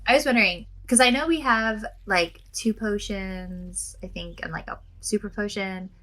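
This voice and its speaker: A woman's voice: medium pitch, normal speed, bright, forceful tone. A woman playing in a tabletop game, asking tentative questions that trail off. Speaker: player. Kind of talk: casual chat.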